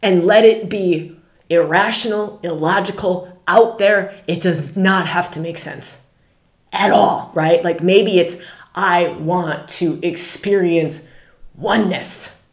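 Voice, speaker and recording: A woman guiding listeners through questions on a spiritual podcast, her voice sitting a little low. She talks candidly and loosely, swearing, laughing and tossing in a rhetorical "right?" The room around her rings with a noticeable echo. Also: unhurried. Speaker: podcast host and spiritual guide. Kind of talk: casual spiritual podcast talk.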